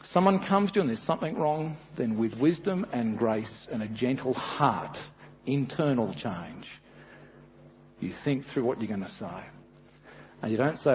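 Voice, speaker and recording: A middle-aged man with an Australian accent preaching a sermon, animated and storytelling, often slipping into acted voices. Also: mid-range voice, a little slow. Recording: dull with long reverb, faint hiss.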